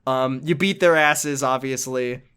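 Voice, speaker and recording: A man hosting a podcast, casually recapping a video game in an animated, rambling way, swearing and laughing as he goes. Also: mid-range voice, unhurried, clean tone. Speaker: podcast host.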